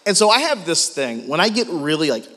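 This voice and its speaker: A man with a high, animated voice preaching a sermon, swinging his pitch as he tells a self-deprecating story about himself. His voice carries the long reverb of a church sanctuary. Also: fairly quick. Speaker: pastor.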